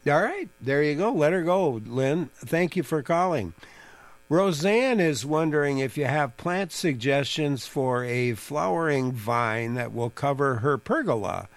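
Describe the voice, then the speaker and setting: A man's voice: fairly high pitch, a little slow, no echo. A man hosting a call-in garden radio show, chatting with a guest and reading out listener questions. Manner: relaxed, reads listener questions.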